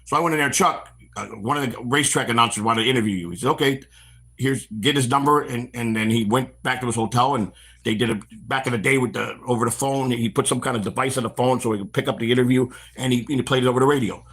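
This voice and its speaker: A middle-aged man from the Chicago area walks outdoors as he hosts a stream, rambling through old stories and animatedly voicing the characters, often restarting. He's a fast talker whose mid-range voice has a breathy edge.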